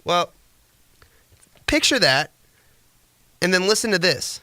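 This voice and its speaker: A man's voice: sits high, very animated, takes it slowly, bright, forceful tone, no echo. A man hosting a sports podcast, giving casual, sarcastic commentary that rambles. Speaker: podcast host.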